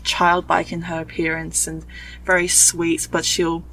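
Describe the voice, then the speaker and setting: A woman's voice: on the low side, completely flat delivery, a little slow, a bit bright, slight background noise, rough recording. A woman guest on a podcast, chatting enthusiastically. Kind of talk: casual chat.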